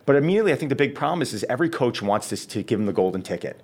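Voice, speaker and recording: A man's voice: medium pitch, very animated, racing. A man, a fitness coach, chatting casually on a podcast and telling stories, acting out the back-and-forth of his conversations. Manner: storyteller acting out quoted dialogue.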